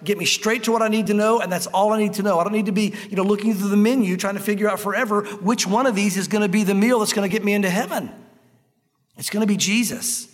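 A man preaching in a high, bright-pitched voice, hammering points home with repetition. His conversational sermon rings out with a long reverb tail, as in a large hall. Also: quick pace. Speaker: pastor.

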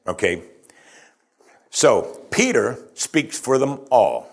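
A man's voice: mid-range voice, sing-song, takes it slowly, slightly rough. Conversational male preacher teaching scripture. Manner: conversational, asks the audience questions, emphatic. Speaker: pastor. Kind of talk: expository sermon.

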